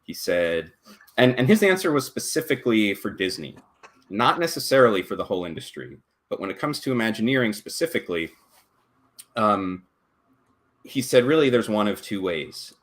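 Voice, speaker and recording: A man in his thirties with a fairly low voice speaks on a live panel. He is thoughtful and tells anecdotes, with frequent ums and restarts. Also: big pitch swings, normal speed. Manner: thoughtful, anecdotal, many fillers. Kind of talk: casual panel talk.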